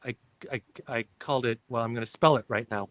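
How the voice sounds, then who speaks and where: Bright-voiced man from Minnesota. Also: mid-range voice, fairly even intonation, fast, dry recording. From Minnesota, United States. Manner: curious, storytelling. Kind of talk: casual chat.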